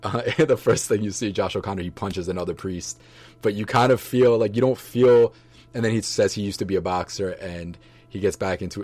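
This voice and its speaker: A man with a very low, deep voice ramblingly reviews a film for his viewers. He talks loosely and warmly, full of fillers and restarts, with plenty of enthusiasm. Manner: enthusiastic, affectionate toward viewers. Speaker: vlogger reviewing books and movies.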